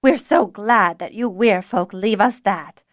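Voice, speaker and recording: A woman's voice: mid-range voice, unhurried, no echo, clean studio sound, lightly acted. A woman voicing a brusque, busy female kitchen cook who scolds sharply and gets flustered.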